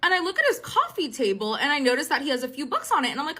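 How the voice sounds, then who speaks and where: A young woman with a high, bright voice tells a dating horror story. Her storytime is casual and animated, full of fillers and curses. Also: rapid-fire, few pauses. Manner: animated, swearing, filler-heavy retelling.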